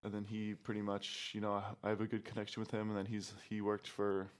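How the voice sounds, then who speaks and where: A man's voice: fairly low pitch, monotone, fast talker, clear, resonant tone. A young man chatting casually as a podcast guest, loose and hesitant, with many fillers and restarts. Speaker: guest, pro volleyball player.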